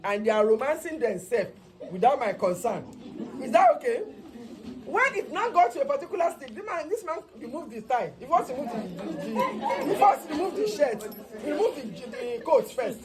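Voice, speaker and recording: A woman nurse with a Nigerian accent telling a comic story about her work, in an animated way and mixing in Yoruba words. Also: sits high, brisk, a crowd in the background.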